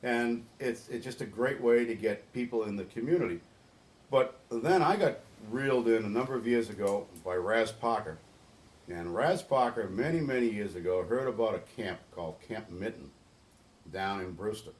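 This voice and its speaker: A boatyard volunteer organizer from New England, middle-aged, is interviewed and shares a long story sincerely and with emotion. His voice is lowish, his pace moderate, and he often begins his sentences again.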